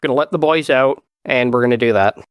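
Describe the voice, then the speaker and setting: A man's voice: medium pitch, quick pace, clean tone, no echo, studio quality. A man playing a tabletop game who describes his moves in an eager, rambling way. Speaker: player. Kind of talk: casual tabletop play.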